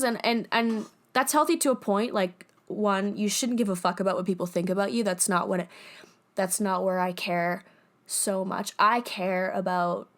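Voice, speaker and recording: A young woman hosting her own podcast, talking casually and candidly, laughing often and swearing freely. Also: medium pitch. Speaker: podcast host. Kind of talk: casual personal monologue.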